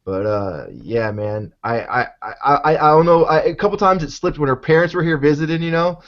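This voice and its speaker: A man's voice: fairly high pitch, animated, fairly quick, highs cut off. A man hosting a casual live-show chat, laid-back and profane, calling everyone "man". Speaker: show host.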